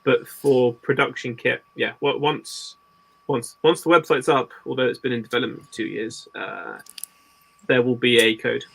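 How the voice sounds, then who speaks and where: Bright, gravelly man explaining gear. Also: mid-range voice, steady tone, normal speed, low-quality recording. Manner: practical, explains at length with restarts. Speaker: guest gear maker. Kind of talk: casual podcast interview.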